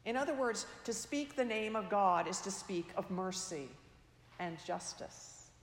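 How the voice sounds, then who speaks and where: A woman preaching a sermon in a slow, measured, reflective way, her phrase endings trailing off softly. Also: mid-range voice, animated, a little hiss or hum. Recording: echoey hall, long reverb.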